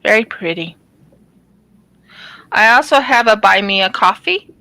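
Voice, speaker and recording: A woman's voice: medium pitch, animated, a little slow, pushed and bright, no room sound, poor audio. A woman hosting a craft channel, chatting casually while she works on a painting, rambling a little with ums and restarts.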